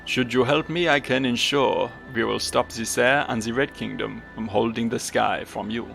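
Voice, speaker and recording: A man's voice: mid-range voice, moderate pace, vocal fry, fairly bright tone, faint music behind. A man voicing a solemn exiled male bird-folk warrior in a put-on French accent for a video game let's play. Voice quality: accent degrading as it goes.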